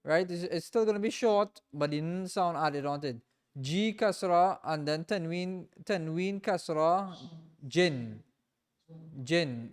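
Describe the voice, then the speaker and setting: Patient, smooth-voiced male teacher drilling sounds. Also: high voice, measured pace. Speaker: Quran reading teacher. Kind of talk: classroom lesson. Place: mosque class with students present and online.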